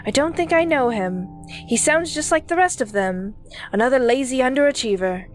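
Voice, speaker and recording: A woman's voice: high-pitched, lively intonation, normal speed, soft background music. A woman voicing a pompous elderly man with a British accent who claims to be God. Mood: haughty. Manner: smug, self-important, condescending.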